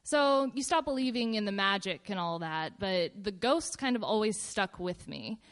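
A woman casually telling a personal story in a relaxed, meandering way, with fillers and pauses. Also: mid-range voice, smooth.

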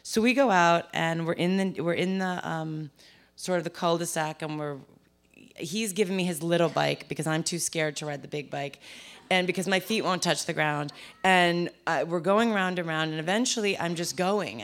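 A woman from the US East Coast tells a personal story live, her voice sitting low for a woman. She speaks casually and pokes fun at herself, often breaking off and restarting her sentences. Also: moderate pace. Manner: conversational, self-deprecating, with frequent restarts.

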